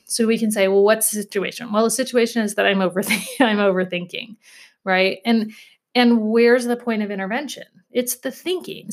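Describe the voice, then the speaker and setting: A woman therapist explaining a therapy method in a casual, chatty way, often checking in with "right?". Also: medium pitch. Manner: chatty, frequent "like" and "right?" asides. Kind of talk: casual teaching talk.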